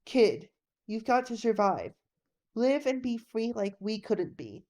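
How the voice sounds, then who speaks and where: A slow, mellow storybook voice for a frightened, bitter young pilot, as a woman reads him aloud. He talks in soft, heartfelt words, resigned to his death. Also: fairly high pitch, sing-song. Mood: bitter, tender.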